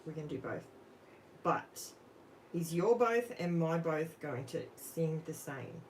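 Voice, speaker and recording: A woman's voice: low voice, animated, slow, a little hiss or hum, low-quality recording. An Australian woman hosting a live crafting stream, chatting casually with her viewers while she works. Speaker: crafting livestream host.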